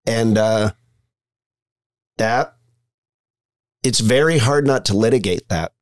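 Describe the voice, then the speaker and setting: A middle-aged man speaks frankly in a conversational, storytelling way, at a middling pitch for a man. He is talking through his recovery as a podcast guest. The sound is dry and close, with no room around it. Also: dry recording. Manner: frank, conversational storyteller acting out quoted dialogue. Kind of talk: candid storytelling interview.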